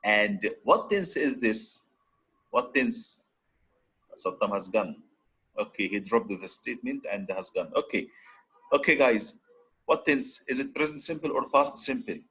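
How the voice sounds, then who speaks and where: A man's voice: mid-range voice, animated, measured pace, fairly bright tone, slightly rough, low-quality recording. A man teaching an English grammar lesson, switching between Arabic and English and repeatedly prodding his students to answer.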